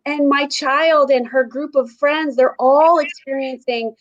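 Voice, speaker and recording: A woman with a slightly high voice speaks earnestly, thinking aloud with many fillers as she reflects on fear and anger. The recording has a dull, muffled tone. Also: steady tone, a little slow. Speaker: panel guest. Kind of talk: casual reflective chat.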